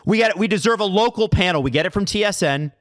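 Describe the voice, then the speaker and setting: Man, podcast co-host, impassioned rant, high lively voice, dry close mic. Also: quick pace, no echo. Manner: impassioned, exasperated, swearing. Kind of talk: heated sports podcast rant.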